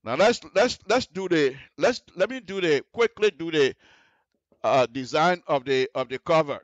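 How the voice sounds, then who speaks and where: This man's voice is a little high and animated, moving at a moderate pace; the recording has no echo and its highs are cut off. He's on a radio show explaining road construction and design in detail, often asking listeners whether they follow, with checks like "you see the difference?"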